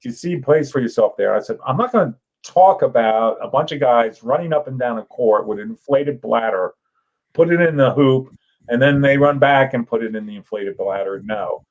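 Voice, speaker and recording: An older man tells stories on a talk show. He is animated and slips into other people's voices as he goes. His pitch sits in an ordinary middle range. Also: moderate pace, muffled recording. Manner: animated, acts out voices in anecdotes. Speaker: author and guest. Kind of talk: casual storytelling.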